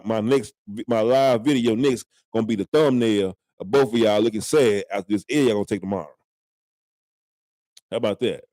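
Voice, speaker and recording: A young man who is a sports fan hosts a live stream, trash-talking rival fans in casual banter with drawling repeats. His mid-range voice has a warm tone, captured in a dry, studio-quality recording.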